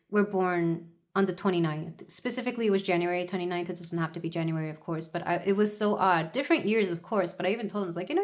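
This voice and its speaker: A woman doing a solo tarot reading, talking in a loose, musing, chatty way. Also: medium pitch. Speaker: tarot reader.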